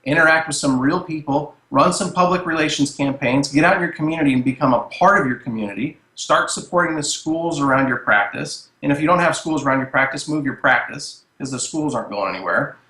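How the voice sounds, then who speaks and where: A man speaks as a guest and gives advice in a blunt, plain-spoken way. His voice is bright and forceful. He sounds like he is in a roomy, echoing space. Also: on the high side, brisk, hardly any pauses. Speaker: guest, marketing executive. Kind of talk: advice in interview.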